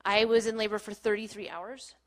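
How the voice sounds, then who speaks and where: A woman's voice: mid-range voice, flat delivery, a little fast, fairly bright tone. A woman in her thirties giving a candid storytelling talk on a small stage, laughing often and saying "like" a lot. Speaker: keynote speaker.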